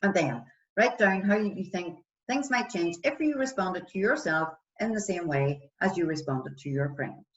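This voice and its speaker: This guided self-help exercise comes from a woman wellbeing coach with a fairly low voice, lively intonation and normal speed. She walks listeners through self-compassion, asking many questions and voicing examples. Distant, dull lo-fi audio.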